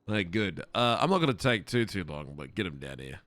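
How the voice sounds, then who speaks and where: A man's voice: low-pitched, very animated, brisk, a bit bright, no room sound. A man streaming a police role-play, talking casually, swearing freely and laughing often. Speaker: streamer playing a police officer.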